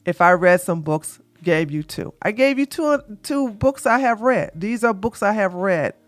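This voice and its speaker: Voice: mid-range voice, expressive, unhurried, no echo. A live-stream dating advice host talking to the chat, brash and scolding, trash-talking with bursts of laughter and repeating phrases for emphasis.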